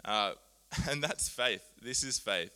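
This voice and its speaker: A man preaching a sermon, earnest and animated, often laughing at himself as he explains Bible words. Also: medium pitch, slow, clear, resonant tone.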